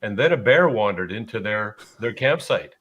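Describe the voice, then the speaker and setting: Low-voiced man telling a camping story. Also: expressive, moderate pace, a bit bright, husky, highs cut off. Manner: laughs easily, storytelling. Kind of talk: casual conversation.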